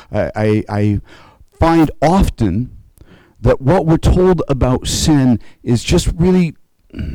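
A man preaching a conversational sermon, slowing and rising to stress key points and checking in with his listeners. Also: mid-range voice, mellow, no echo, low-quality recording. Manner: conversational preaching, frequent "okay?" check-ins. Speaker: pastor.

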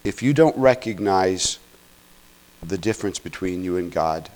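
A male pastor with a fairly low voice delivers a sermon in an earnest, teaching manner. He keeps checking in with his listeners, climbs to loud emphatic peaks and then drops back to quiet asides. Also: expressive, measured pace, low-quality recording.

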